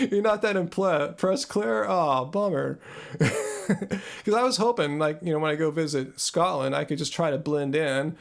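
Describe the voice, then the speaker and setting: Gravelly, chatty man hosting a live stream. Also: fairly high pitch, takes it slowly. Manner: rambling, chatty, self-deprecating. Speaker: host.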